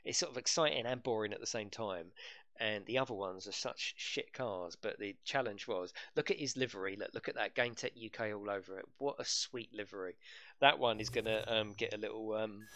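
A man's voice: on the low side, a little fast, bright, forceful tone. A middle-aged man, live-streaming a racing game and bantering and swearing with his chat. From United Kingdom.

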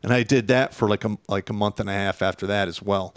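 A man, a military veteran, telling war stories in a casual, profane and animated way. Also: lowish voice, quick pace, no room sound, clean studio sound.

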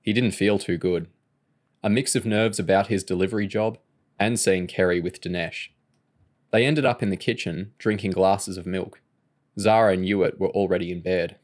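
A man reading chapters of a novel aloud in steady, plain narration. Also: low-pitched, normal speed. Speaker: audiobook reader.

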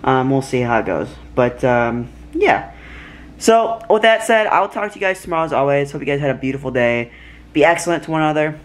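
A man's voice: medium pitch, fast talker. A tired young man vlogging casually at home at night, rambling with lots of fillers and restarts. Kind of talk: casual chat to camera.

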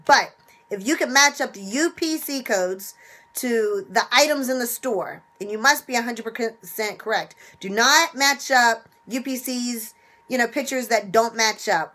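Animated woman, a bit high. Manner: animated, acts out little scenes. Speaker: penny shopping video host. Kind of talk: casual instructional talk.

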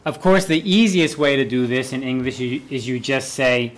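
A man's voice: medium pitch, moderate pace, hardly any pauses. A man who is a university professor, giving a classroom lecture and repeating key phrases for students to echo.

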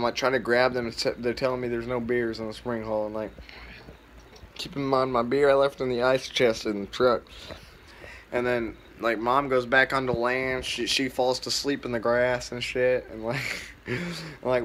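Young man, laid-back rambling storyteller, bright forceful tone, lots of swearing and fillers. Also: mid-range voice, a little hiss or hum. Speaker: vlogger.

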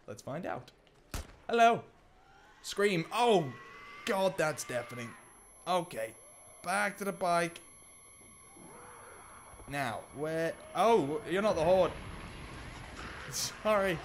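Excitable young man, let's play commentary, fairly high voice, faint noise behind. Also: slow, pauses often. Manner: excitable, jokey, talks to the game characters. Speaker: gaming YouTuber.

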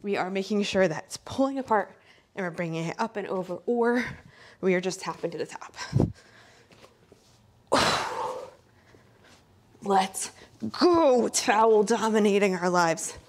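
A breathy, husky-voiced woman coaching a workout at a middle pitch while doing it herself. She is winded from the effort and keeps up upbeat cues and countdowns. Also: a little slow, pauses often. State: out of breath from exercising. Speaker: fitness coach. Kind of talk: follow-along workout instruction. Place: indoors, not outside.

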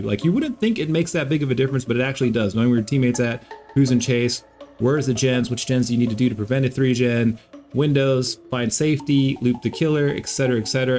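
Man, upbeat gaming guide, mid-pitched voice, faint music behind. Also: darkish tone. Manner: upbeat, talks straight to viewers as "guys". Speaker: gaming YouTuber. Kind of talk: explaining game builds to viewers.

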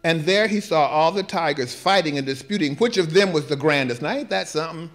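A man's voice: a little high, lively intonation, brisk, a bit bright. A male performing artist reading a children's story aloud at a live gallery event and breaking off for wry, laughing asides.

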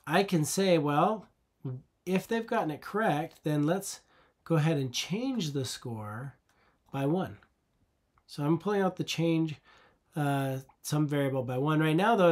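A man's voice: a little high, darkish tone. A man teaching a coding lesson over a screen recording, patient and conversational, often asking the viewer rhetorical questions.

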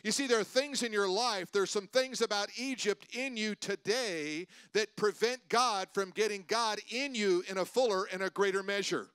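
A man pastor preaching a sermon, telling stories and swinging between loud preaching and hushed asides. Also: sits high, normal speed, few pauses, clear, resonant tone, dry recording. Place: church sanctuary.

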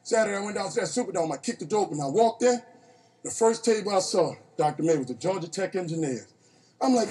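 A man in his fifties from New Orleans, with a New Orleans accent, giving an animated, playful storytelling speech to an audience. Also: sits high, fast, slightly rough. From New Orleans, Louisiana. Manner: animated, playful, laughs at his own stories. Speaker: motivational speaker.

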